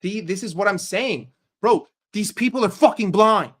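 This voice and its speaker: Guy ranting about his team, swearing a lot, kinda high-pitched and heated. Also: normal speed. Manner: heated, profane, sarcastic ranting. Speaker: football fan channel host. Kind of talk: casual ranting commentary.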